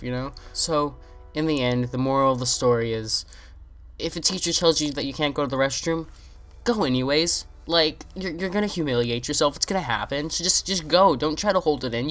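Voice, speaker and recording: A man's voice: medium pitch, a bit bright. Teen vlogger boy, rambling comic tale, lots of restarts. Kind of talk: comic storytelling.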